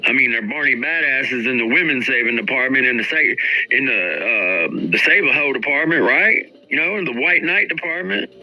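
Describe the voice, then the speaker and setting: A man's voice: medium pitch, lively intonation, moderate pace, pushed and bright, rough recording. A man hosting a stream, ranting with mocking, profane commentary about other people. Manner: combative, mocking, swears constantly. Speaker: streamer host.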